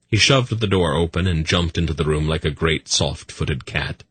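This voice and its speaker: Low, husky male audiobook narrator. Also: steady tone, fairly bright tone, dry recording. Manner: measured storytelling.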